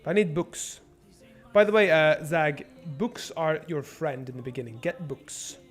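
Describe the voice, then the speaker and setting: A young man streaming a strategy game, swearing and thinking out loud as he plans and shops. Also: fairly high pitch, lively intonation, measured pace, faint music behind. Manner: profane, rambling, thinks out loud. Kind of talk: casual gameplay livestream commentary.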